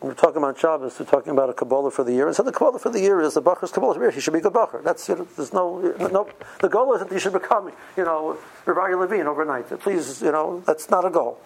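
A man teaching yeshiva students in an informal, animated Torah lecture, often stumbling and restarting his words. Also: fairly high pitch, racing, vocal fry, a little hiss or hum, low-quality recording. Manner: animated, stammering restarts, uses Yiddish and Hebrew study terms.

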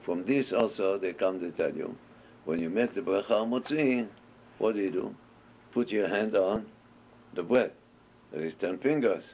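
A man's voice: lowish voice, moderate pace, a little mellow. A man with teaching a Torah class, asking questions and answering them as he tells stories. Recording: dull lo-fi recording with faint noise.

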